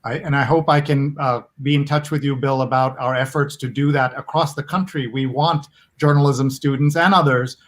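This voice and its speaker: A man's voice: medium pitch, steady tone, moderate pace, hardly any pauses. A man hosting a casual interview over a video call, chatty and eager to promote his show. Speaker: host.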